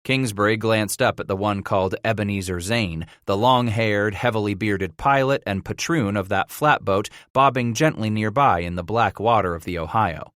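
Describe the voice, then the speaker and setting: A man narrating a western audiobook in a measured storytelling manner. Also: on the low side, fairly bright tone, smooth, no room sound, clean studio sound. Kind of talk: scripted narration of a western novel.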